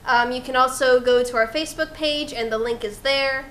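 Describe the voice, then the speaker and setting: A woman hosting a casual cast question-and-answer chat, brisk and full of fillers. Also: sits high, a bit bright, a little hiss or hum. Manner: brisk, wraps things up, many fillers. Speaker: podcast director and host. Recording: roomy echo.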